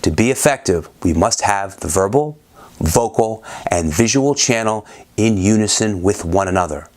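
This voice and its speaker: A man hosting a scripted presentation, with a measured, formal delivery. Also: fairly low pitch, animated, darkish tone. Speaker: host.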